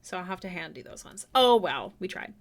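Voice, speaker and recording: A young woman chatting casually with her viewers on a live art stream, self-deprecating and prone to sudden excited exclamations. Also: fairly low pitch, fairly quick. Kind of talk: casual live-stream chat while drawing. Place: home room.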